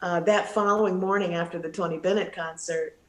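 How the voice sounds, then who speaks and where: A woman, a guest vocalist, telling a lively story over a video call and acting out the people she quotes. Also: fairly low pitch, a little fast, roomy sound. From United States, Texas and California. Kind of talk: storytelling in casual interview.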